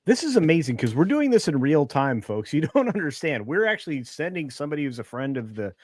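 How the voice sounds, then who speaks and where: An excitable man co-hosting a live stream, his voice fairly high and leaping around in pitch. He laughs a lot, and the sound is dry and close. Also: fast talker, no room sound. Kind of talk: casual live-stream chat.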